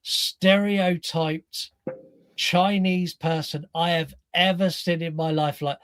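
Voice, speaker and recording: A man co-hosting a podcast, with a voice a bit higher than most men's. He talks in expressive casual chat, swears freely and acts out small lines as he tells them. The sound is dry and up close. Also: slow pace, clean tone, no echo. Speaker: podcast co-host.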